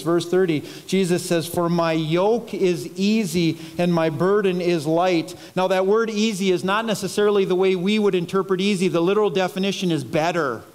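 A man preaching a sermon, impassioned and pleading, with dramatic pauses. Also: sits high, a little mellow. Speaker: pastor.

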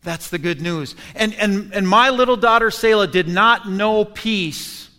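A man's voice: high voice, unhurried, bright, forceful tone. Guy preaching in a big echoey church, earnest, keeps repeating stuff for emphasis. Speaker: pastor. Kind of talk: sermon. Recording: echoey hall.

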